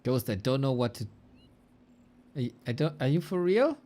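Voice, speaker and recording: A man's voice: mid-range voice, big pitch swings, moderate pace, mellow. A man casting a live esports match, playful and chatty, talking to his chat and calling out at the screen. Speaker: esports caster. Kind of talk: live game commentary.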